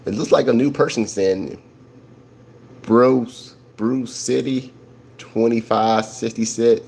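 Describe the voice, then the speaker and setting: A man's voice: medium pitch, fairly even intonation, slow pace, creaky, darkish tone, a little hiss or hum, rough recording. Rambling man livestreaming to chat. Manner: rambling, repeats himself with restarts, chuckles at chat. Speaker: livestream host. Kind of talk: casual livestream talk to viewers.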